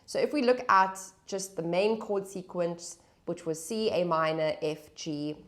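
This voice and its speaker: A woman's voice: fairly low pitch, measured pace. A woman teaching a guitar lesson, calling out chords and counting beats aloud. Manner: patient, counts beats aloud over strumming. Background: acoustic guitar playing.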